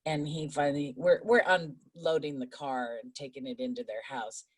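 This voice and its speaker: A woman's voice: low-pitched, fairly even intonation, moderate pace, breathy edge. A woman in her fifties telling a family story on a video call, chatty and full of quoted voices. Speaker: book study group member.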